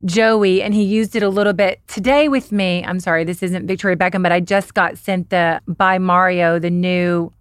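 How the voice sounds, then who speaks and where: A woman's voice: on the low side, steady tone, moderate pace, hardly any pauses, smooth, no room sound, clean studio sound. A woman co-hosting a beauty podcast, chatting casually and enthusiastically about makeup picks. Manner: chatty, enthusiastic product recommendations. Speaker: podcast co-host.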